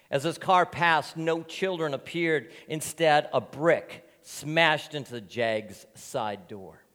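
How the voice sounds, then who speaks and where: A man preaching as pastor, earnest and deliberate, telling a story in his sermon. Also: mid-range voice, a bit bright, long reverb tail. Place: church.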